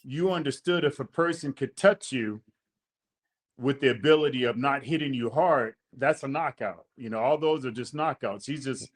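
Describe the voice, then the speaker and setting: A man's voice: medium pitch, normal speed. A man hosting a podcast, casually telling a long story in slangy talk, acting out the quotes. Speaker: podcast host.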